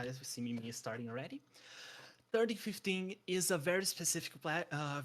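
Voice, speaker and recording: A young man commentating a live speedrun, eager and stumbling over restarts with quick chuckles. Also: medium pitch, fairly bright tone.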